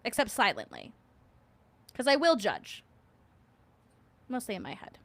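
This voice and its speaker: A woman's voice: on the high side, huge pitch swings, a little slow, no echo. A woman hosting a casual livestream, chatting with viewers. She reads their comments aloud, jokes and laughs often, and hums little filler tunes. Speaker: livestream host.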